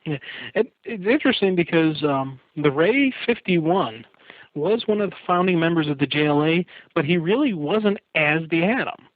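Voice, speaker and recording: A man's voice: a little high, animated, moderate pace, dry recording. A man co-hosting a casual podcast, recapping at length with light laughs. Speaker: podcast co-host. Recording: tinny phone-line sound.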